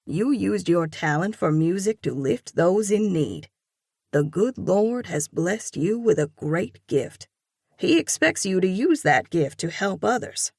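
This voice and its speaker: Woman voicing gentle devout older mother. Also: medium pitch, gravelly, no echo, studio quality, exaggerated voice. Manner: warm, earnest and gently encouraging.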